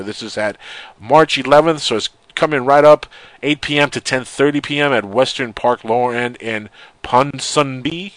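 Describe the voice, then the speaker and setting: A man's voice: mid-range voice, a bit bright, no room sound. A man hosting a radio talk show, reading a news story aloud and mocking it with sarcastic asides. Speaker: radio host. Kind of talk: casual joking radio chat.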